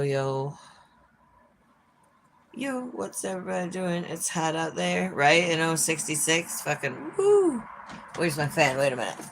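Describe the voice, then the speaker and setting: Minnesota lady chatting on her livestream, slow and kinda gravelly, swears a lot, sarcastic. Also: low voice, fairly bright tone, a little hiss or hum. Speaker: livestream host. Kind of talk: casual livestream chat with viewers. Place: at home by an open window.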